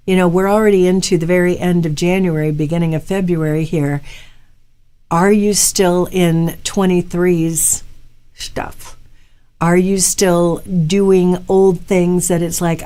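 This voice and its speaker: A woman hosting a live talk show as a hypnotherapist. Her voice sits on the lower side and sounds dark and mellow. She gives earnest advice and speaks straight to her listeners. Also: fairly even intonation, unhurried, smooth.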